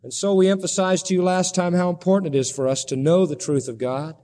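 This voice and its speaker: Man, pastor, sermon, high voice, impassioned pleading, long hall reverb. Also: fairly even intonation, brisk, warm tone. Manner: impassioned, pleading preaching with sudden rises in pitch.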